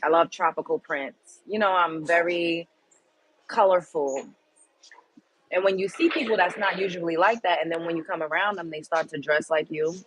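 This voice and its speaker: A woman's voice: fairly low pitch, steady tone, moderate pace, slight background noise, poor audio. A woman hosting her own show, telling a personal story in a candid, emphatic and blunt way. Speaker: show host. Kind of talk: casual storytelling monologue.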